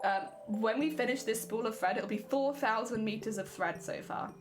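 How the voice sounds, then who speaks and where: A woman's voice: fairly high pitch, moderate pace. Chatty woman streaming while sewing. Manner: chatty, thinking out loud, reads chat. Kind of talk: casual live-stream chat while sewing. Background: music and sewing machine.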